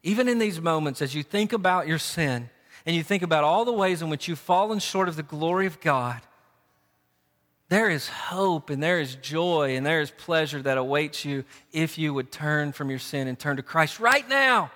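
A man's voice: fairly high pitch, expressive, normal speed, fairly bright tone. A male pastor preaching an impassioned sermon, pressing rhetorical questions on his listeners. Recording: long church reverb.

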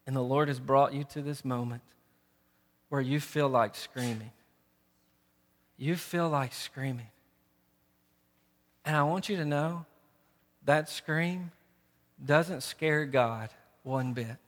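A man preaching a sermon, impassioned and rising loud on key phrases. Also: mid-range voice, long reverb tail. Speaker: pastor.

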